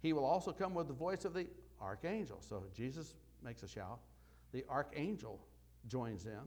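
Man, preacher, sermon, emphatic rising bursts, quiet asides, mid-pitched voice. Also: animated, normal speed. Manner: dramatic swings between loud emphatic and quiet asides.

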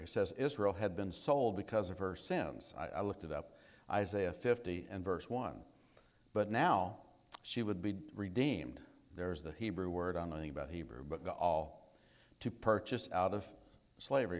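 A middle-aged man teaching a casual Bible lesson from slides, in a folksy, conversational way, acting out sarcastic quotes now and then. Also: deep voice.

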